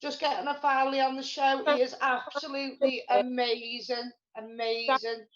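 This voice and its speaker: A woman co-hosting a live online chat show, talking in a chatty, rambling, excitable way. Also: high-pitched, normal speed. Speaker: show co-host. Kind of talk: casual live-stream chat. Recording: dull lo-fi stream audio.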